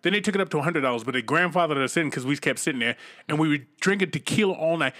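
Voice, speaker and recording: A man telling stories in casual podcast banter, animated and laughing often, swearing freely. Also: on the high side, rapid-fire. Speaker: podcast co-host.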